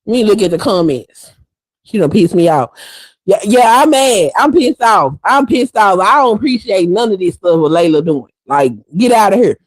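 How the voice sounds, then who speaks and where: A woman's voice: medium pitch, animated, normal speed, no room sound, low-quality recording. A woman hosting a livestream, delivering heated commentary in a fiery, sassy, emphatic way and repeating her points for effect. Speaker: livestream host.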